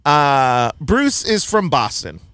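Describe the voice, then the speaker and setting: A man's voice: a little high, big pitch swings, slow pace, bright, forceful tone, clean tone, no echo. A man hosting a casual film review chat, blunt and opinionated, often laughing at his own points. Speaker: podcast host reviewing a film.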